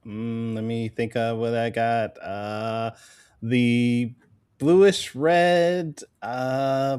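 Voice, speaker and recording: A man's voice: mid-range voice, darkish tone, no echo. A man hosts a casual comics podcast, teasing his co-host and opening with a mock ringmaster introduction. His voice sits in a middle register. The mic is close and dry, with no room sound. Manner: playful, joking, announcer flourish.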